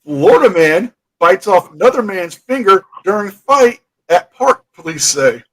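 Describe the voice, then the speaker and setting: A man's voice: high voice, big pitch swings, unhurried, a bit bright, rough recording. Playful male host reading headlines. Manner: playful, reads headlines aloud. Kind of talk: casual chat, reading headlines.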